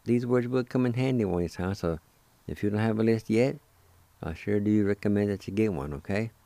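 A man hosting a radio language lesson, spelling out words slowly and deliberately and gently encouraging listeners to practice. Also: lowish voice, no room sound. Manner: slow, deliberate, spells out syllables. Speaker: language radio show host.

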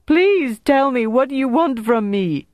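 A narrator voicing a terrified young man who pleads hysterically for mercy in a high, strained voice. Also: lively intonation, slow, a little mellow, no room sound, studio quality. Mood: begging, terrified. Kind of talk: audiobook narration.

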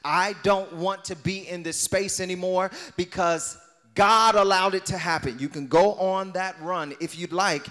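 A pastor preaching a sermon, moving from hushed talk to sung, shouted preaching. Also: male voice, high-pitched, unhurried. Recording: long hall reverb with music behind.

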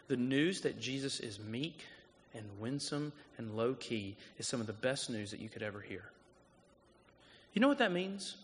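A male guest pastor giving a sermon, telling stories and swinging from loud urgent passages to soft quiet ones. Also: mid-range voice, a little hiss or hum. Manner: storytelling, rising to loud urgent passages then dropping soft. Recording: long hall reverb.

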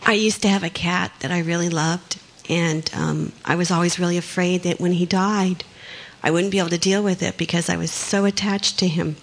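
A woman shares with a group, tearful as she talks. She speaks earnestly and haltingly. Her voice sits slightly low. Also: steady tone. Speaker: workshop participant. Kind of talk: personal sharing.

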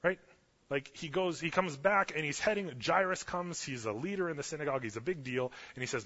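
Young man, preacher, casual storytelling sermon, acts out quotes, slightly high voice, husky, bright. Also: a little fast. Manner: animated, acts out quotes loudly, chatty fillers. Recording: muffled lo-fi sermon recording.

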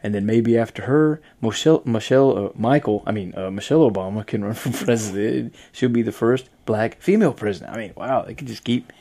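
Laid-back rambling man, mellow low voice. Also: a little fast, gravelly, few pauses. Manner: rambling, laughs often, trails off. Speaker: podcast host. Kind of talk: casual podcast chat.

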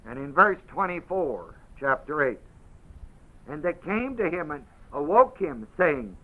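Lively dramatic preacher man, lo-fi tape. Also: fairly high pitch, unhurried. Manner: swings from quiet asides to loud dramatic quoting. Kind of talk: sermon. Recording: dull lo-fi audio.

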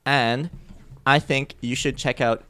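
A man's voice: mid-range voice, fairly even intonation, takes it slowly, pushed and bright, dry recording. A man playing a naive, polite young man at his first party in an improvised comedy sketch, hesitant and stumbling over his words. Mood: accusing.

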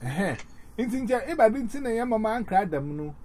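A man, chatting in a halting, rambling way with many fillers and restarts. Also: high voice, very animated, dark tone. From Ghana. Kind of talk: casual chat.

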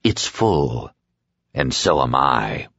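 A man doing a slow, hushed sinister dark man. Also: a bass voice, sing-song, no room sound, highs cut off, voice pushed down, exaggerated voice. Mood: menacing.

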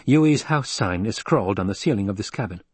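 A man voicing a composed, persuasive captive noblewoman in low, measured, intimate tones. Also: lively intonation, a little mellow, husky, dry recording. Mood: firm.

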